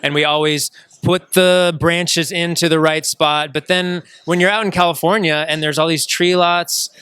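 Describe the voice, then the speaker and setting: A man's voice: fairly high pitch, steady tone, normal speed, pushed and bright, clear, resonant tone, no room sound. A man hosting a casual chat, upbeat and chatty, asking friendly questions. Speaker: host.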